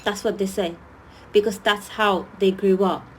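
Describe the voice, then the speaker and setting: A woman's voice: mid-range voice, steady tone, moderate pace, slight background noise. A woman hosting a live-stream talk, speaking earnestly and pleading with her viewers, often repeating herself. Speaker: host.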